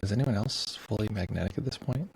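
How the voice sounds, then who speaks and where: A man's voice: on the low side, a little fast, creaky, a little mellow, a little hiss or hum, low-quality recording. A man hosting a meditation livestream in a casual, joking way, reading viewer comments aloud. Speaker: meditation teacher. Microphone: streaming mic with headphones.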